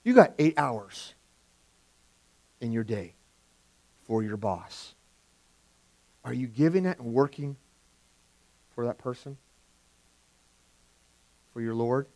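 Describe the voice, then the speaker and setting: A middle-aged male pastor preaching a sermon in a conversational way, swinging from loud emphasis to quiet asides. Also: medium pitch, animated, takes it slowly, long pauses. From California.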